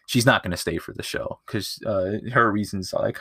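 A man with a lowish voice recaps a movie on his podcast in a loose, rambling way, swearing freely and doubling back. He is recorded close up, and the sound is dry. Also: moderate pace, bright, forceful tone, breathy edge, no echo. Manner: rambling, profane, loses his place. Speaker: podcast host. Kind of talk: casual movie review chat.

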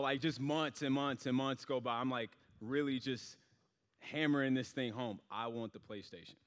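A man's voice: on the high side, fairly bright tone, long reverb tail. A young adult man preaching a storytelling sermon in a casual, rambling way, full of fillers.

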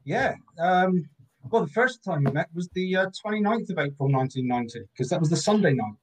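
Brief: Cornish guest in his fifties, precise memory, halting delivery, higher pitch. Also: animated, background noise. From Cornwall, England. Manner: precise about dates, hesitant with fillers. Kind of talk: casual chat.

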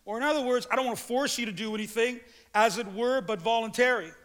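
Brief: high-voiced male preacher, bright tone, rallies the congregation, long church reverb. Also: fast. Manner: stammering restarts, rallying the congregation. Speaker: pastor. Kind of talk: sermon. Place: church sanctuary. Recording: long reverb of a large hall.

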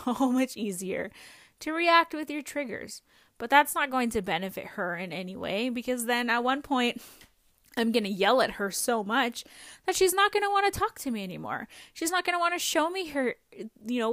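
A woman's voice: a little high, expressive, fairly quick, a bit bright, no echo, clean studio sound. A young woman hosting a podcast, talking candidly and at length about her own life, with frequent small laughs and many fillers. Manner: candid, rambling, laughs often. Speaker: podcast host. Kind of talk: personal reflective monologue.

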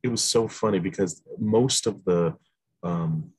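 A man casually reminiscing, in an animated way, about acting in a community play. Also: deep voice, unhurried, slightly rough, low-quality recording. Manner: animated storyteller, laughs easily. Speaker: cast member of a community play.

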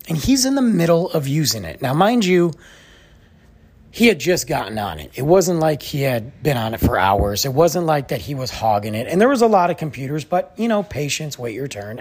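A man hosting a podcast who tells a story in a casual, animated, exasperated way and says "like" often. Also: fairly high pitch, breathy edge. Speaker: podcast host.

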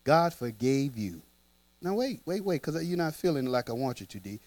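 A man preaches a playful, animated sermon and keeps calling back to his congregation. His voice sits high for a man. The sound is dry and close, with almost no room echo. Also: fast. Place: church.

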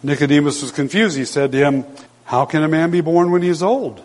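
A man's voice: on the high side, darkish tone. Older male preacher in a reverberant hall. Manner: emphatic, slows down to stress scripture quotes. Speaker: pastor. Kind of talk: sermon.

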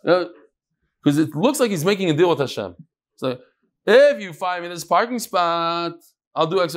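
A man's voice: high voice, expressive, moderate pace, long pauses. A man teaching an informal Gemara class, telling stories and explaining with Hebrew and Yiddish terms. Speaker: Talmud teacher.

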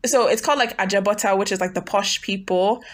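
A teenage girl with a mid-pitched voice explains things to listeners in a casual podcast. She tells stories in an animated, conversational way. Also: a little fast. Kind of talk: casual chat.

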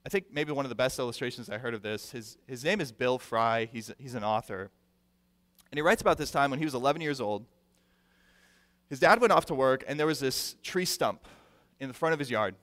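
A male pastor preaching a sermon with animated delivery, acting out the people he quotes and repeating words for emphasis. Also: mid-range voice, brisk. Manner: animated, acts out quoted voices; repeats words when stressing a point. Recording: long reverb of a large hall.

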